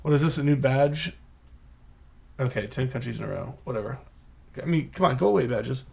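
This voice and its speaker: A man's voice: medium pitch, expressive, brisk, vocal fry, darkish tone. Man rambling through live game commentary. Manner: rambling, thinks aloud, self-mocking. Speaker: game streamer.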